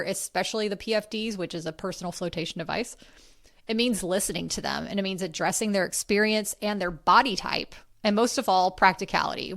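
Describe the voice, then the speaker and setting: A woman's voice: mid-range voice, fairly bright tone. A woman hosting a podcast, talking in an earnest, chatty way with friendly asides. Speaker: podcast host. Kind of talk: casual podcast talk.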